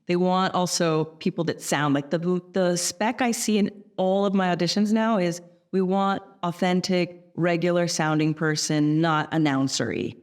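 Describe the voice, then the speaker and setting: A woman's voice: lowish voice, normal speed, few pauses. Laughing woman voice actor chatting. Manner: relaxed, laughs easily, says "you know what I mean". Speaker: voice actor guest. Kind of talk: casual chat. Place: hair salon, getting a haircut.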